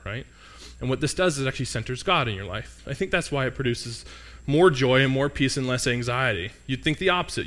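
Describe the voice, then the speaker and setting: A man's voice: medium pitch, fairly bright tone. A young man preaching a casual, conversational sermon and asking the congregation questions. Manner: conversational, asks the congregation questions, jokes with listeners. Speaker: pastor.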